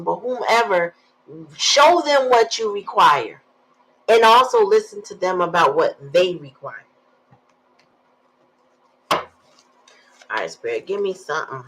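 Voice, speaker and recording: A woman's voice: mid-range voice, a bit bright, rough recording. A woman giving a casual tarot reading, chatty and slangy, telling stories with sighs in between. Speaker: tarot reader.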